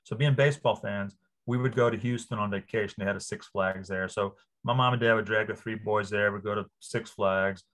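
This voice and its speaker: A man in his fifties from Louisiana, a sportswriter guest on an interview, telling stories with lively enthusiasm. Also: lowish voice, brisk. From New Orleans area, Louisiana. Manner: enthusiastic, animated storyteller. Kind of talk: casual interview.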